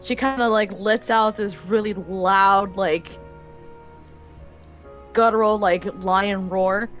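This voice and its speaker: A woman's voice: mid-range voice, steady tone, slow, soft background music. A woman playing a tabletop game, talking casually and hesitantly with lots of filler words. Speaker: player.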